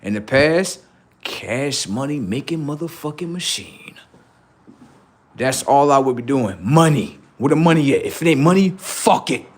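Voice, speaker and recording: A man hosting a livestream, telling casual stories to his viewers in an animated way, swearing freely and acting out voices. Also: medium pitch, normal speed, hardly any pauses. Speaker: livestream host.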